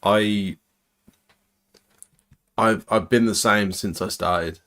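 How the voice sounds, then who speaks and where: Guy hosting a stream, very deep voice, easygoing, plain-spoken. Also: steady tone, drawn-out words, fairly bright tone. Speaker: pressure washing business owner and stream host. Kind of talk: casual chat on a livestream.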